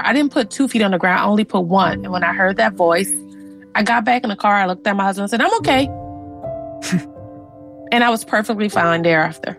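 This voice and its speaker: A woman's voice: medium pitch, vocal fry. A woman sharing her family's history in an interview, earnest and reflective, with frequent "um" and "like". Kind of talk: personal storytelling in an interview.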